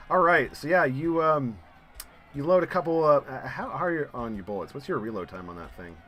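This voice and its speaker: A man's voice: on the high side, animated, normal speed, a bit bright. A man running a tabletop game as game master and stream host, narrating vividly and energetically with filler words.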